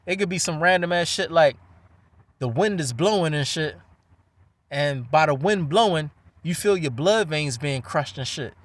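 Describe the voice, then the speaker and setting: A man, ranting in a profane, rambling, animated monologue. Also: a little high, normal speed, no room sound.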